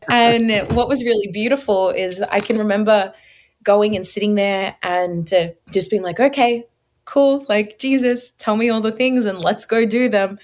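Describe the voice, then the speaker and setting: A young woman appears as an interview guest, sharing her faith testimony through animated storytelling. She acts out words she once said, speaking in a mid-range voice.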